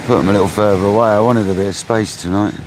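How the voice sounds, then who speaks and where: Talking fast in a lowish, steady voice, the man fishing live jokes around with viewers, laughing often and calling them mate. Heavy wave noise from the ocean dominates his outdoor mic.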